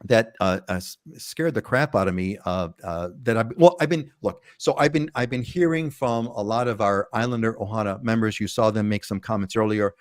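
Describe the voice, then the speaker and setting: A man's voice: lowish voice, moderate pace, few pauses, no room sound, studio quality. Chatty rambling male show host. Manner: rambling, chatty, many restarts. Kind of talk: live panel show chat.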